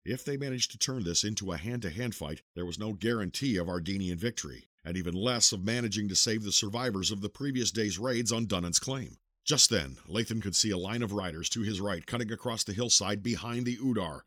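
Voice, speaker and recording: A man narrating an audiobook in a steady, measured storytelling manner, recorded close to the mic. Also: on the low side, dry recording.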